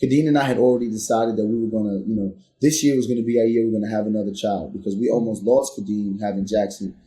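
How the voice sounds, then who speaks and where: A man's voice: on the low side, fairly even intonation, fast talker, reverberant. A man guest on a podcast telling a personal story earnestly, acting out heated arguments with rising intensity. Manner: earnest, builds to loud re-enacted arguments. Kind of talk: candid storytelling.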